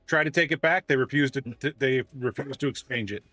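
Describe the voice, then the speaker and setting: A man casually telling a long story on a livestream, ranting and animated, often restarting his sentences. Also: mid-range voice, brisk, no room sound, soft background music.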